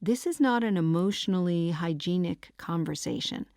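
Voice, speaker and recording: A woman audiobook reader voicing an earnest, gentle boyfriend with a resigned tone, barely shifting her own voice. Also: lowish voice, animated, normal speed, dry recording, clean studio sound.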